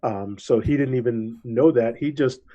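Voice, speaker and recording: A relaxed man spins a story on a podcast, slipping into lively voices when he quotes people. The audio is a little dull and lo-fi. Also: medium pitch, normal speed. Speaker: podcast host. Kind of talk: casual storytelling chat.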